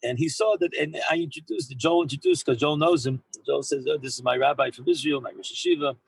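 Gravelly husky rabbi telling a story. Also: male voice, on the high side, quick pace, rough recording. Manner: animated anecdotal telling, sprinkled with Hebrew and Yiddish terms; frequent repeats and restarts. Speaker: rabbi and yeshiva head. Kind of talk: storytelling talk to former students.

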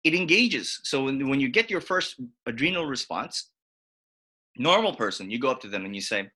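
A man in casual conversation, telling animated stories and acting out what others said. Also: moderate pace. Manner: animated, acts out quotes with big pitch jumps. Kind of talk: casual storytelling chat.

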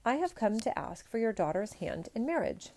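A woman reading aloud in a storybook, voicing a humble, clever young male peasant who stays calm and polite. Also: a little high, moderate pace, pitched above the performer's own voice. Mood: earnest. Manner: calm and polite even when bold.

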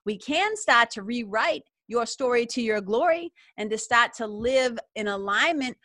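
A woman's voice: on the high side, expressive, a little slow, sharp tone, no room sound. A middle-aged woman hosting a casual spiritual talk show, chatty and upbeat. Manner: chatty and upbeat, peppered with "like" and laughs. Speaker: podcast host.

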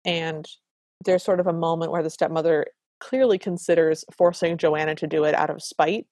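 A woman with a fairly low voice recaps a movie with her co-host, playful and full of theories. The sound is dry and close to the mic. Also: steady tone, normal speed, darkish tone, dry recording. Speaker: podcast co-host. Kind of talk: casual chat recapping a film.

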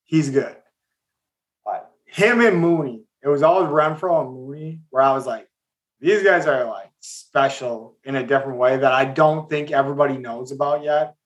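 A man's voice: medium pitch, normal speed. A man co-hosting a podcast, talking sports with enthusiasm. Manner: enthusiastic, animated, talks in bursts. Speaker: podcast co-host. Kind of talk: casual sports chat.

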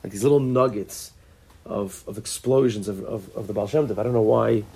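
Teacher voice: a man with a slightly husky tone, unhurried and conversational, who circles back over his own words as he explains. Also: on the low side, warm tone. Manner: thinking aloud, restarts and repeats words; mixes Hebrew and Yiddish terms into English. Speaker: teacher leading a study group. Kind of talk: informal Torah class.

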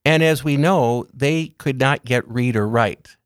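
Man guest, mid-pitched, calm explainer, unhurried lists; dry booth sound. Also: clear, resonant tone, dry recording. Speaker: guest speaker on religious topics. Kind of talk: calm explanatory interview talk.

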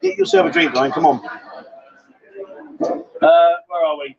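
A man's voice: on the high side, huge pitch swings, normal speed, muffled recording. A man hosting a live stream from a bar, teasing and joking with the women and the chat. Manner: teasing, banters with the crowd. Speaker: livestream host. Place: bar in Pattaya.

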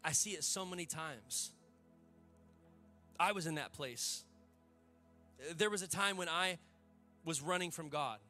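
A man's voice: fairly high pitch, a little slow, pauses often, bright, forceful tone, soft background music. A male pastor, preaching a sermon to a church congregation in a fervent, conversational way with folksy asides.

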